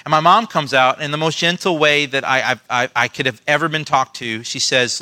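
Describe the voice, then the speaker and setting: A male pastor with a high, bright and forceful voice preaches a sermon in church. He talks in an earnest, animated way, and his sentences often stumble and start over as he tells stories. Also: fairly quick, few pauses. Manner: earnest, animated storytelling with frequent restarts.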